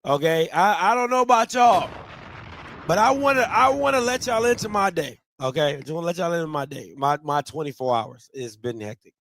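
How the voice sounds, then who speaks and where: High-voiced man telling a lively story. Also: a little fast, vocal fry, a little hiss or hum. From Ohio, USA. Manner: animated, repeats and restarts phrases, slangy. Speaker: vlogger. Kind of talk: casual storytelling vlog.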